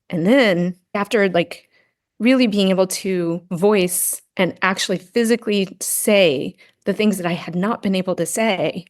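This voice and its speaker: A middle-aged woman speaks as a podcast guest in an easy, conversational way. She tells her story earnestly and often tags her sentences with "right?". Her voice sits at an ordinary middle pitch. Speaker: podcast guest, grief and Gestalt practitioner. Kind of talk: casual interview conversation.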